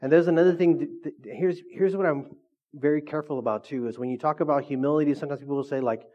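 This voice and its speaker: A middle-aged man preaches as a pastor, his voice a little higher than most men's. He keeps cracking jokes and calling for replies from the congregation. The recording sounds dull and lo-fi. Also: quick pace. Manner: joking, call-and-response with the congregation. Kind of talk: sermon.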